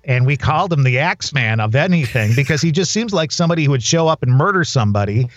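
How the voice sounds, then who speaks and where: Man telling relaxed radio stories. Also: mid-range voice, fast, no room sound, highs cut off. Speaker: radio host. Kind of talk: casual chat.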